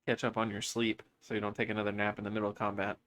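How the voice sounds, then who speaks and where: A man's voice: fairly low pitch, completely flat delivery, rapid-fire, a bit bright. A man playing in a tabletop role-playing game, trading sarcastic jokes and thinking aloud. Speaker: player.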